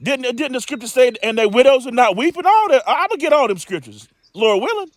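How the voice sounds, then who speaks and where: Man, informal scripture teacher, high lively voice, stammering, emphatic, dry close sound. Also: brisk, dry recording. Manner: rambling, stammering, emphatic and streetwise.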